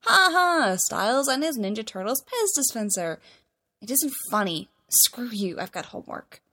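A woman's voice: on the high side, big pitch swings, moderate pace, sharp tone, full character voice. A woman voicing a flustered, sarcastic teenage boy who snaps back defensively, in a spoken story reading.

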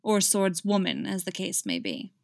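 A weary king who has run out of patience and scolds in clipped lines, read by a woman. The voice sits at a middling pitch. It is recorded dry and close, with no room sound. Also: big pitch swings, moderate pace, creaky, no room sound. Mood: cool, probing. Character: exasperated male king, stern and weary.

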